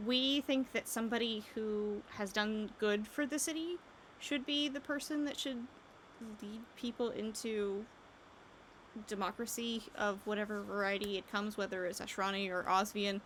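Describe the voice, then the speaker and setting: A woman's voice: mid-range voice, steady tone, normal speed, a bit bright, a little hiss or hum, lightly acted, poor audio. A woman voicing a candid, emphatic rebel leader. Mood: earnest.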